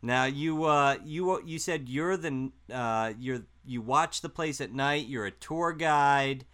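Mid-pitched man, bright tone, dry-humored halting radio co-host. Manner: wry, hesitant, lots of uh and restarts. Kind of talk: paranormal radio show banter.

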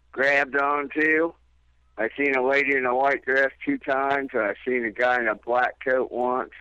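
Matter-of-fact guest on a dull line. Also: male voice, medium pitch, sharp tone, smooth, no echo. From Indiana. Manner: plain, matter-of-fact storyteller. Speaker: guest, theater caretaker and tour guide. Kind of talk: radio interview. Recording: dull, dry phone-in line.

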